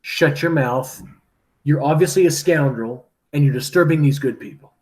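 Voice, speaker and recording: A man voicing a calm, stern doctor who speaks in a cool, proper manner. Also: a little high, normal speed, close to an everyday voice. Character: calm, stern male doctor, dignified and unflappable.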